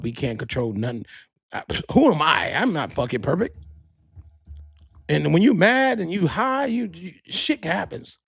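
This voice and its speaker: A gravelly, husky male podcast host with a dry, close sound. He tells stories with big swings in his voice, swears freely and laughs along with himself. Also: mid-range voice, no room sound. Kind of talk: loose comic storytelling.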